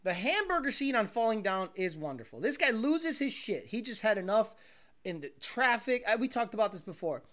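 A man hosting a casual chat stream, telling stories in a rambling, profane, animated way. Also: sits high, brisk. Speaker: livestream host.

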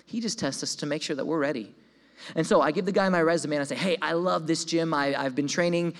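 Young man telling a lively testimony. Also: on the high side, fast. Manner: animated storytelling, voices his own quoted thoughts; repeats words when excited. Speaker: speaker giving a testimony. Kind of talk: sermon testimony. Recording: long hall reverb.

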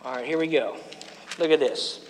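A man's voice: on the high side, moderate pace, a little hiss or hum. A man preaching a sermon in a church, calling out to the congregation and asking them to answer back. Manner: preaching with call-and-response to the congregation. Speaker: pastor. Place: church sanctuary. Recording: long hall reverb.

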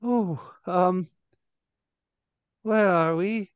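Shaky high-pitched old granny in a tabletop game, scared stiff, stammery, a man putting her on. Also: extremely slow, clear, resonant tone, no room sound, dull audio. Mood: drowsy. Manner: quavering, stammering, pleading. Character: frightened elderly woman waking in bed.

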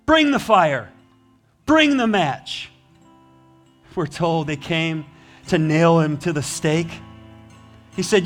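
Male pastor, high voice, impassioned church sermon, soft music behind. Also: expressive, slow pace, long pauses. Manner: impassioned storytelling, rising to emphatic peaks. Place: church sanctuary.

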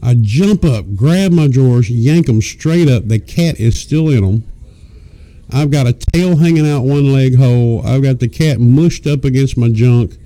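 Radio host, male, very dark, mellow voice, crude and joking, rambling storyteller. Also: medium pitch, unhurried. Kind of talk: casual comic storytelling. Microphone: studio microphone.

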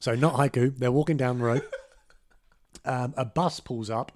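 A man's voice: mid-range voice, fairly even intonation, normal speed, darkish tone, dry recording. Playful man retelling a film, dry sound. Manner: playful, laughs often while narrating. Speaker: podcast co-host. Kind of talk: casual chat retelling a film.

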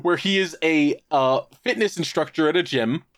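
A man's voice: fairly high pitch, normal speed, no echo. A man co-hosting a casual podcast, swearing often as he rants through a movie recap. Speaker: podcast co-host.

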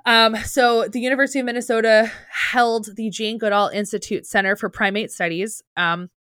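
A woman's voice: on the high side, fairly even intonation, moderate pace, a bit bright, clean tone, dry recording, studio quality. Chatty young woman with a Jersey accent. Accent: New Jersey. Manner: chatty, lots of "like" fillers, swearing. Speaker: podcast co-host. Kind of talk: casual chat.

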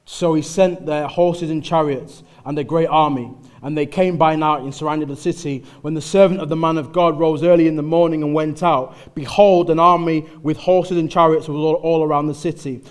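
A male preacher with a Mancunian accent, giving a conversational sermon that builds to loud exhortation in church. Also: a little high, steady tone, moderate pace, few pauses.

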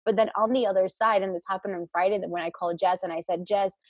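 A woman's voice: medium pitch, fairly even intonation, fast, husky, no echo. A woman talking about spiritual work in casual chat, rambling with many restarts and fillers. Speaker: spiritual guest.

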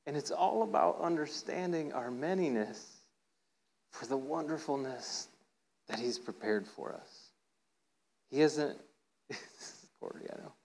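Gravelly, a little mellow and a little slow, this preacher is animated and pauses often, captured on a rough recording. He tells a playful story in an informal sermon, acting out voices with rising pitch and checking in with "right?" again and again.

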